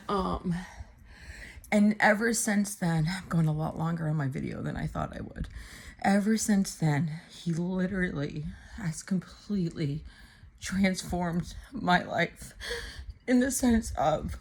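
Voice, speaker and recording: A woman in her thirties tells her own faith story in a low, gravelly voice with plenty of vocal fry. She talks earnestly and haltingly, with frequent fillers and false starts, as if recording a personal video. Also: darkish tone. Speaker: church member giving testimony. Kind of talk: personal testimony to camera.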